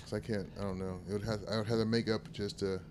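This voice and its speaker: A man's voice: lowish voice, level tone, fast talker, a little mellow, a little hiss or hum. A man in a casual comedy chat, laid-back, often trailing off.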